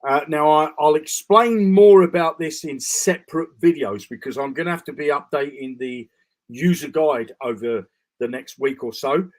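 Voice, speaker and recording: A man's voice: on the high side, moderate pace. A man walking through a trading bot dashboard during a live screen-share broadcast, talking casually with restarts, fillers and frequent "okay?" checks. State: tired, yawning. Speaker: crypto trading bot presenter.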